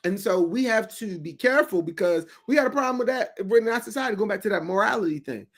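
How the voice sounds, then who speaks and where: A man's voice: high-pitched, expressive, quick pace, a bit bright. Emphatic preachy man. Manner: preachy and emphatic, acts out quoted voices. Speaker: talk show guest. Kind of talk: preachy casual talk.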